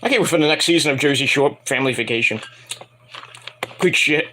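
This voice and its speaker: A man reviewing a wrestling show in a casual, rambling rant, swearing freely and mocking people in quick put-on voices. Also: mid-range voice, sharp tone, a little hiss or hum.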